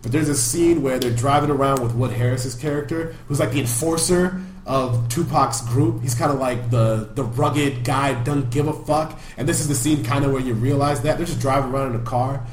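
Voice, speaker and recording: A man's voice: mid-range voice, moderate pace, few pauses, echoey room, faint music behind. A man co-hosting a podcast, chatting casually and recapping scenes from a movie he loves, with a rambling, restarting way of talking. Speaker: podcast co-host. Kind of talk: casual chat. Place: backup studio.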